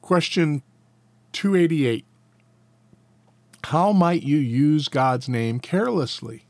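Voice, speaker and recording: A man's voice: a little high, animated, slow, darkish tone, dry recording. A man teaching a catechism lesson, reading each answer and then adding casual, folksy commentary with a chuckle. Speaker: Bible teacher.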